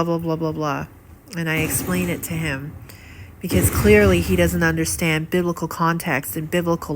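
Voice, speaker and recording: A middle-aged woman with a lowish voice delivers a casual vlog monologue. She rambles with fillers and repeats herself, sounding indignant. Steady background noise sits under the recording. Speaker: vlogger.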